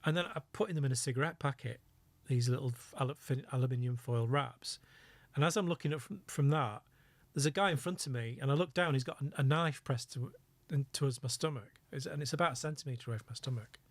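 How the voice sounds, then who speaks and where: A man's voice: mid-range voice, fast, hardly any pauses, no echo. A middle-aged man, a former undercover police officer, telling vivid anecdotes as a podcast guest and laughing at his own stories. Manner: lively anecdotal storytelling, laughs at own story. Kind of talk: storytelling in a podcast interview.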